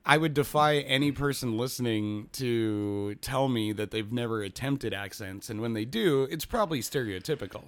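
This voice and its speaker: A man's voice: mid-range voice, normal speed, few pauses. A man hosting a podcast in casual chat, recovering from a cold, laughing often and explaining at length. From western United States. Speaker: podcast host.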